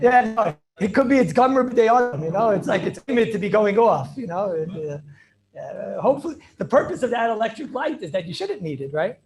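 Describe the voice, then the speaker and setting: A man teaching an animated Torah class over a video call, firing questions and mixing in Hebrew and Yiddish terms. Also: high-pitched, fairly quick, music in the background. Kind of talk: lively online Torah class.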